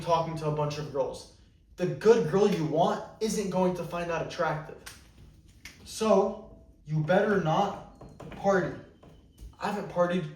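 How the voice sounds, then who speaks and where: A man's voice: on the high side, darkish tone. Blunt man coaching, echoey and distant. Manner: blunt, emphatic, repeats "you better". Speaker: dating coach. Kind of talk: direct-to-camera advice monologue. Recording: roomy echo, mic at a distance.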